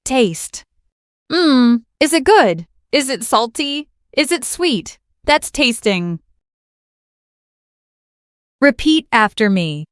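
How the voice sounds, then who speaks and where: A woman teaching a slow beginner English lesson, speaking clearly and repeating each word for the learner. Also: high-pitched, sing-song, no echo. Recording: dry close voice with faint music. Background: faint background music.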